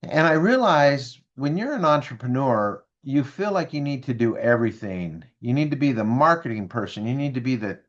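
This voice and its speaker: A lo-fi clip captures a man in his fifties with a mid-range voice talking at normal speed, with hardly any pauses. As a business speaker guesting on an interview, he tells animated stories and acts out quoted voices.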